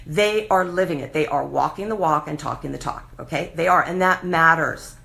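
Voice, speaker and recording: A woman's voice: deep voice, moderate pace, gravelly. A middle-aged woman hosting a live show, talking passionately and animatedly in a casual monologue. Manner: passionate, animated, acts out voices of others.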